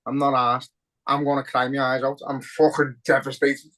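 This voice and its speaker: A man's voice: medium pitch, little pitch movement, moderate pace, a bit bright, rough recording. A man with a Liverpool accent co-hosting a podcast, talking bluntly and emotionally with lots of swearing. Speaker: podcast co-host. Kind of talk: casual podcast chat.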